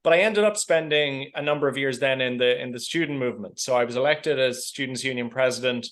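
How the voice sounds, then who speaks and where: A man's voice: medium pitch, quick pace, a bit bright. An Irish man in his thirties, a guest in a casual podcast interview, who often stops and repeats words while he thinks.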